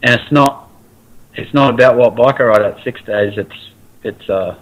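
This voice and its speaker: A man with an Australian accent, a guest in a casual interview, talking in a relaxed way with many fillers and restarts. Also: medium pitch, normal speed, low-quality recording. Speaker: guest, racer.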